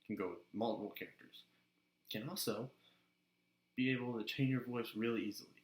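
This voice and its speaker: A man casually sharing voice acting tips in a relaxed, chatty way. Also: mid-range voice, a little fast, echoey room, rough recording. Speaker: voice actor giving tips. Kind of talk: casual instructional vlog.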